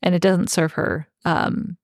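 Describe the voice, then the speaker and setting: A woman's voice: fairly low pitch, level tone, unhurried, no room sound, clean studio sound. A woman co-hosting a book podcast, giving her opinions earnestly and enthusiastically in casual chat. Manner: earnest, enthusiastic, talks with fillers and restarts.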